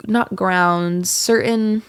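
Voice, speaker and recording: A woman's voice: medium pitch, steady tone, extremely slow, clear, resonant tone. A young woman hosting a podcast, telling a candid, rambling story in casual chat with plenty of swearing and fillers. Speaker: podcast host.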